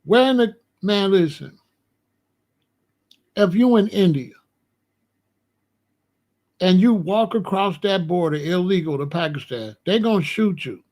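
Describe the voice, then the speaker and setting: A man with a voice that's high for a male is hosting a relaxed live call-in stream. He's animated, laughing between points and greeting viewers by name, though he speaks a bit slowly with long pauses.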